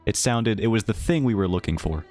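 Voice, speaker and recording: Male streamer, very low voice, loose rambling banter with chat, faint music under it. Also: animated, fairly quick, darkish tone. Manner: rambling, playful and self-mocking. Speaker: livestreamer. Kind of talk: casual chat with a live chat.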